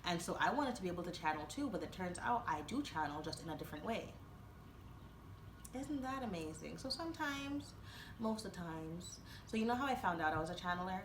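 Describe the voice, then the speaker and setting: This young woman's voice is on the low side, with lively intonation and a fairly quick pace. She's vlogging a meandering personal story full of fillers and laughter, recorded in a roomy space with background noise.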